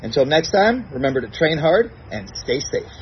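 Calm man explaining dog training step by step. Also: on the high side, normal speed, muffled recording, slight background noise. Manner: calm step-by-step explainer who acts out his commands in a bright praising tone. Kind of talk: recorded instructional segment.

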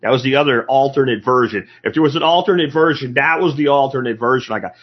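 A man's voice: medium pitch, fast, husky. A man in a mid-range voice tells a story in a folksy, blunt way, with salty language. The recording sounds dull and lo-fi. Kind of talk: casual storytelling.

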